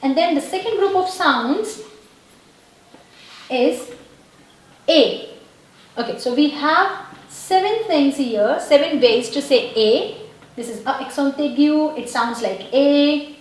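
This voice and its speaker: A woman's voice: sits high, lively intonation, slow pace, pauses often, heavy reverb, rough recording. A woman teaching a language lesson, patiently explaining and repeating words and checking in with her viewers. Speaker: French teacher.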